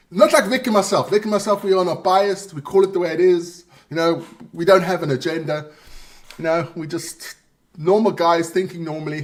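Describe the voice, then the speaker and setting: A man hosting a live sports show, running through results in a casual, joking way with asides to his viewers. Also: high voice. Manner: chatty, joking, reads scores with asides to viewers.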